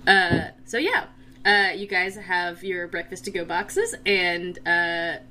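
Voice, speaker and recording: A woman's voice: lowish voice, steady tone, slow, bright, forceful tone. A woman game master narrating a tabletop game, with a hesitant, filler-heavy delivery.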